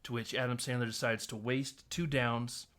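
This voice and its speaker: A man in his thirties hosting a casual film podcast, retelling scenes in an animated way with frequent laughter and casual swearing. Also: mid-range voice, moderate pace. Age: 30s. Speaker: podcast host. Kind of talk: casual film recap chat.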